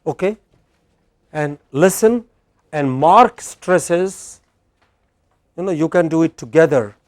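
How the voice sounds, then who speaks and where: A male teacher talks to his class in a fairly high voice. He is chatty, often restarts sentences and fires questions at the students. The sound is close and dry. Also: animated, slow pace, dry recording. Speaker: English teacher. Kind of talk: classroom instruction. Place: indoor classroom.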